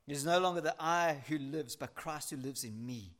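A man preaching a sermon, earnest and emphatic, building points through repetition and reading scripture aloud slowly. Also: a little high, fairly bright tone.

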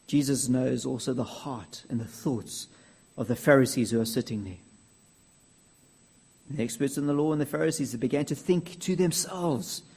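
Husky-voiced man preaching. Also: mid-range voice, moderate pace. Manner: earnest, shifts between soft near-whispers and loud declaiming. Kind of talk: sermon.

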